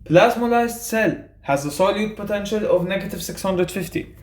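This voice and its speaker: A man's voice: high-pitched, normal speed. A young man, tutoring biology in a casual, chatty way and often checking in with "okay?". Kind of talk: explaining a quiz to students.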